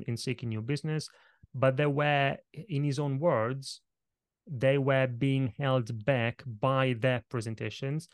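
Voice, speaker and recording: A man who is not a native English speaker, a presentation coach guesting on a podcast, talking with lively, shifting emphasis. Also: medium pitch, clean tone, no room sound, studio quality. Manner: energetic, varied emphasis, punches and stretches words. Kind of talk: podcast interview, explaining tips.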